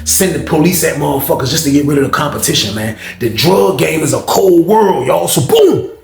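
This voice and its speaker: A man's voice: fairly high pitch, expressive, a little fast, creaky, echoey room, slight background noise. A man telling a long personal story to the camera, slangy, profane and conversational. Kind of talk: storytelling monologue.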